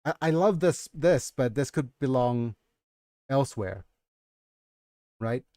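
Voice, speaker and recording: Brief: Nigerian-accented male streamer reading his novel, warm mellow tone, dry close sound, chatty asides. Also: mid-range voice, lively intonation, slow, no echo. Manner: breaks off to comment and laugh at himself. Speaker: streamer and author. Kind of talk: reading his own novel aloud on a livestream.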